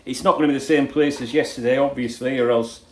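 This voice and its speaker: A man's voice: medium pitch, fairly even intonation, fast, roomy sound, low-quality recording. Older man, blunt and jokey. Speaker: football fan channel host. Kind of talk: casual chat reading viewer comments. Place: home kitchen while cooking.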